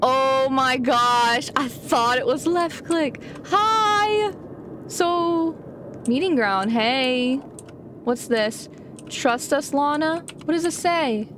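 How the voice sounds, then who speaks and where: A young woman streaming a video game, reacting excitably with frequent gasps and laughter as she chats casually. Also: sits high, slow, slight background noise. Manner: excitable, gasping and laughing often. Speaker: gaming streamer. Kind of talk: casual gameplay commentary.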